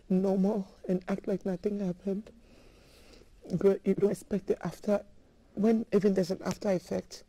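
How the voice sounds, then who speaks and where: A woman's voice: mid-range voice, mellow, husky, no room sound, poor audio. A woman from Ghana, a guest in an interview, talking through tears and breaking off mid-sentence. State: crying. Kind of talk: emotional interview talk.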